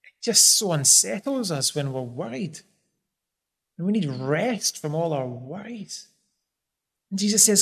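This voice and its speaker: A man's voice: on the high side, big pitch swings, unhurried, creaky, long pauses, fairly bright tone, breathy edge. A man preaching a sermon in an earnest, pleading way, pressing hard on key phrases.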